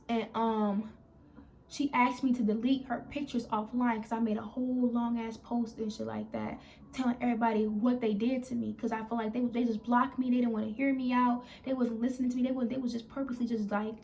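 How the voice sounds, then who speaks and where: Young woman, AAVE, storytime vlogger; raspy, fry-heavy, candid and rambling. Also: fairly high pitch, darkish tone, a little hiss or hum. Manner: candid, rambling, restarts and quotes others. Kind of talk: emotional storytime vlog.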